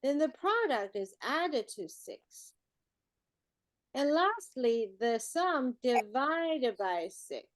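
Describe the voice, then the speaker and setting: A woman's voice: high voice, very animated, slow. A woman tutoring math, walking through word problems step by step and often checking in with the whole group. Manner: keeps checking in with "okay, everybody".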